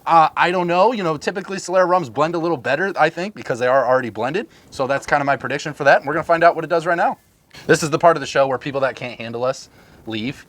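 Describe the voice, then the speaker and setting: A man's voice: a little high, fast, a bit bright. A man co-hosting a casual rum review show at a home bar, upbeat and joking with a salesy push. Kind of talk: casual tasting chat.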